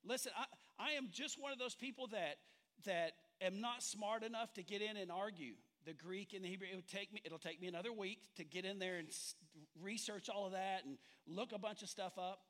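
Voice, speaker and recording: A man with a high, light voice delivers a sermon in a church sanctuary. He speaks conversationally, quizzing the congregation and cracking jokes as he teaches. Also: a little fast, fairly bright tone. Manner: conversational, engages the congregation with questions and humor. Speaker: pastor.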